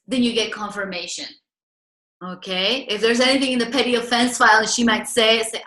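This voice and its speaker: A woman's voice: fairly high pitch, moderate pace, pushed and bright, reverberant. A woman relationship coach, talking earnestly to viewers and acting out the lines they should say.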